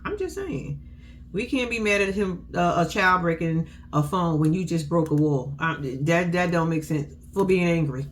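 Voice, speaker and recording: A woman's voice: on the low side, expressive, moderate pace, a little hiss or hum. A woman giving casual, blunt, profane commentary on a reality show, laughing often as she tells the story. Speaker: reality TV recap host.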